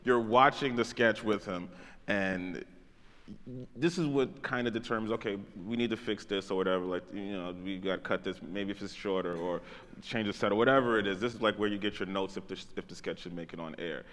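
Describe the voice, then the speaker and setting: A man's voice: on the low side, brisk, a bit bright, in a large hall. A man telling a funny backstage story on a conference stage, laughing through his words. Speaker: comedy writer and panel guest. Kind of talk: stage conversation telling an anecdote. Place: conference stage in a large hall.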